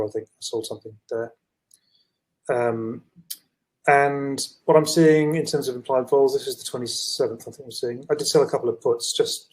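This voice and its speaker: A man's voice: mid-range voice, darkish tone, poor audio. This is a male trader chatting casually about his positions on a video call. He rambles and often stops to correct himself. Fillers and half-started words run all through his speech. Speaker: trader and co-presenter. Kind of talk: casual market chat.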